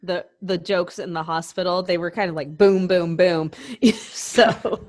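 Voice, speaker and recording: A woman's voice: fairly low pitch, steady tone, measured pace, a little mellow. A woman chatting casually as a guest on a movie podcast, laughing often as she retells scenes. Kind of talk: casual chat.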